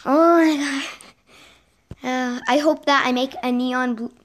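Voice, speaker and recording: A young girl giving excited commentary while playing a game at home, often repeating exclamations. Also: sits high, measured pace, a little hiss or hum. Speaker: gaming vlogger. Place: home with a sibling gaming nearby.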